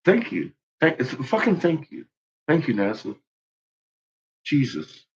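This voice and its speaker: A man's voice: on the high side, wildly swooping pitch, a little slow, dull audio, a little hiss or hum. A man livestreaming to his chat in a profane, rambling rant, laughing often. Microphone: own microphone.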